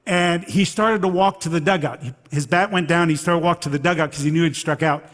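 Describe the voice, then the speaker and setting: Man preaching in a reverberant hall. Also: a little high. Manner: conversational, animated storytelling with halting restarts. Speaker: pastor. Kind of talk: sermon.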